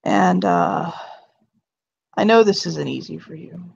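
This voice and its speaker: A woman playing a halting, tender middle-aged father. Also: fairly high pitch, very animated, vocal fry, a little mellow, slightly rough, dull audio, heavily acted. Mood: earnest, tender. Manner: halting, stammering, heartfelt. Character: earnest middle-aged father talking to his son.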